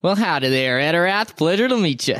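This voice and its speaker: A man's voice: fairly high pitch, animated, fairly quick, a bit bright, no room sound, studio quality, voice pushed up. A man voicing a friendly talking scimitar that was once human, with a genial Southern American drawl and a joking manner. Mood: folksy, easygoing. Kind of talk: improvised tabletop role-play.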